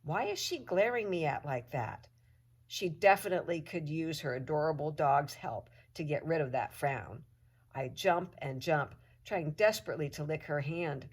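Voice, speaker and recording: A woman teacher reading a children's chapter book aloud to her class with expressive storytelling. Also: low voice, normal speed, husky.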